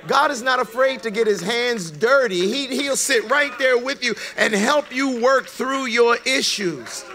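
A male pastor preaching a sermon with comic storytelling, swinging between loud bursts and quiet asides. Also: extremely high pitch, a little slow. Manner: comic storytelling, acts out quoted voices, swings loud and soft.

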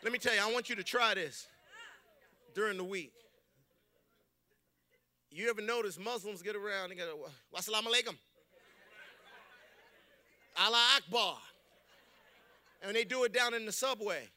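A man preaching a sermon as pastor, telling stories and building up to shouted preaching. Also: sits high, moderate pace, pauses often.

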